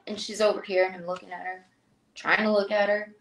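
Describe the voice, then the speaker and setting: Woman guest, 30s, lively storyteller, does the voices of the people she quotes. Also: mid-range voice, fairly quick, gravelly. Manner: animated, acts out quoted voices. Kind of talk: casual interview storytelling.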